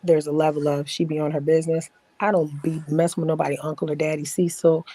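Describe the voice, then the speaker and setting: A woman's voice: sits low, little pitch movement, quick pace, warm tone, no echo, rough recording. A woman in her forties telling stories in a casual chat as a podcast guest, blunt, boastful and full of profanity.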